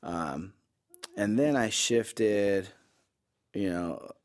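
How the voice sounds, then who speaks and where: Deep-voiced man in rambling casual talk. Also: expressive, very slow. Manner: rambling, self-correcting, lots of "like" and "you know". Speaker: podcast co-host. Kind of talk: casual conversation.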